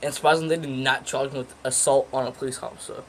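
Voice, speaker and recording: A man's voice: medium pitch, steady tone, quick pace, vocal fry, a bit bright, a little hiss or hum, low-quality recording. A teenage guy casually telling a story in a rambling, profane way, full of fillers and restarts. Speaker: vlogger.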